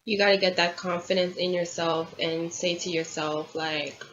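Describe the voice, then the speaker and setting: Woman doing a tarot reading, kinda low voice, earnest and confiding, faint hiss behind. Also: steady tone, normal speed, hardly any pauses, a bit bright. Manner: earnest, confiding, repeats herself. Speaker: tarot reader. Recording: dull lo-fi audio with faint background hiss.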